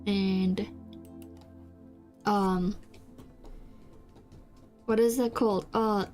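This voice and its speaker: A woman's voice: medium pitch, fairly even intonation, extremely slow, a little mellow. A young woman from South Korea whose first language is Korean, chatting casually on stream in a rambling, hesitant way with many fillers and restarts. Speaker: VTuber streamer. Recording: faint background music.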